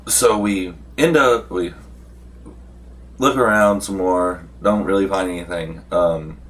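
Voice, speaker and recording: A man's voice: sits low, slow pace, fairly bright tone. A man casually retelling a tabletop role-playing session, wandering through the story with fillers and restarts. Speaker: vlogger recapping a tabletop game session. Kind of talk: casual rambling recap.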